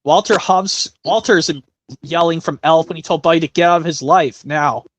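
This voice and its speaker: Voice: medium pitch, normal speed, dull audio, a little hiss or hum. A streamer hosting a casual impressions stream, chatting in a rambling, self-correcting way and reading a story aloud. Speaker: stream host.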